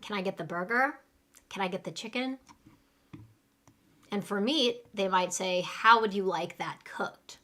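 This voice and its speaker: A woman with an American accent teaching English phrases in a live online lesson, saying each phrase slowly and then fast for students to repeat. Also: mid-range voice, pushed and bright.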